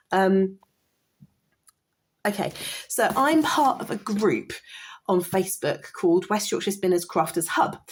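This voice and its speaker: A woman vlogging about knitting, talking in a rambling, chatty way and gushing with excitement, sounding tired. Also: mid-range voice. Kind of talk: casual chatty vlog.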